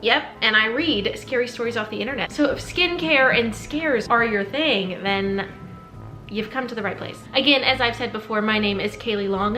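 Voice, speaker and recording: Bright, bubbly young woman in a roomy room. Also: fairly high pitch. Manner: chatty, bubbly and giggly, with playful asides. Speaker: skincare and scary-story vlogger. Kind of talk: casual chat while doing skincare and reading stories aloud. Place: home room. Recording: roomy echo with faint background music.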